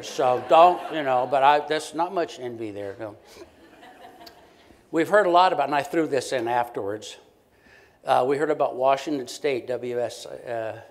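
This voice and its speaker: A man, a professor, giving a conversational and animated keynote lecture to a conference audience. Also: mid-range voice. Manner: conversational, animated, acts out short quoted exchanges.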